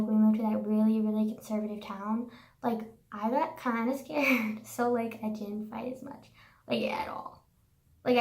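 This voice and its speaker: A young female vlogger rants directly to the camera in a casual monologue, sarcastic and profane, saying "like" in nearly every phrase. Her voice is a little high for a woman, and the bare room around her is echoey.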